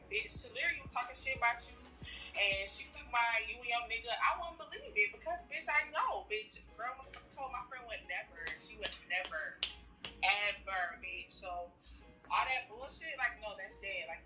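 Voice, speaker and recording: A woman's voice: on the high side, a little fast, bright, forceful tone, soft background music. A young woman chatting casually as a guest friend, rambling in loose slang with lots of fillers. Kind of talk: casual chat. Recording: echoey, from a distance.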